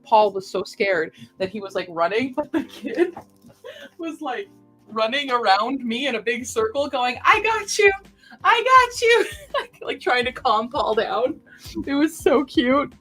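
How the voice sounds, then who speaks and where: A woman's voice: on the high side, measured pace, soft background music. A woman streamer chatting casually and rambling to her viewers. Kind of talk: casual live-stream chat.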